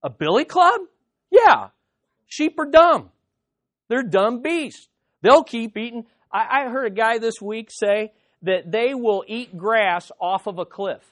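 A pastor preaching a sermon with dramatic emphasis, asking the congregation rhetorical questions and calling for amens. They swing between loud, pressing lines and soft, hushed ones. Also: mid-range voice, animated, slow pace.

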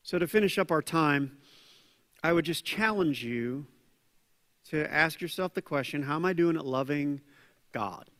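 Animated male pastor preaching in a hall. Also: a little high, unhurried, pauses often. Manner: animated, acts out quoted voices, conversational asides. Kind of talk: sermon. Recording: long hall reverb.

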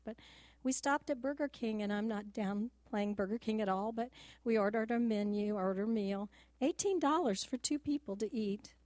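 A middle-aged woman speaks earnestly to a church congregation, telling homely family stories in a practical, down-to-earth manner. Her voice sits in an ordinary middle pitch and is recorded dry and close, with no room sound. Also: no room sound. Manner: earnest, personal and practical, with a gentle down-home storytelling way. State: tearful at times. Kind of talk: church testimony.

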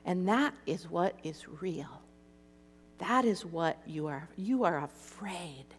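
Woman doing a soft low divine guy voice, gentle and calm, echoey hall. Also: slow pace, husky, heavily acted.

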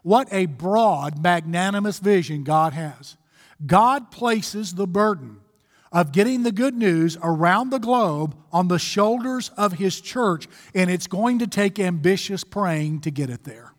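High-voiced male preacher in a reverberant hall. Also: expressive. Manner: emphatic, exhorting, drawn-out slow phrases. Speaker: pastor. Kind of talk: sermon.

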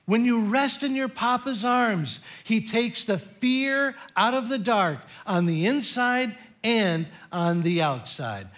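A man's voice: high voice, fairly bright tone. A middle-aged man preaching a sermon as pastor, telling a story in a playful way.

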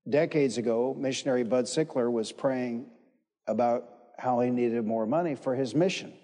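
A man's voice: mid-range voice, normal speed, mellow. A man preaching a sermon, emphatic, repeating phrases and calling on the congregation to respond. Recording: echoey hall with long reverb.

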